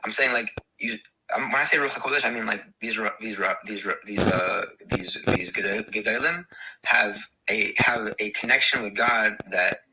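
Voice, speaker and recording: A man guesting on a podcast, telling a story in a halting way with many repeats and restarts. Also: fairly low pitch. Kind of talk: casual debate and personal story. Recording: clear background hiss.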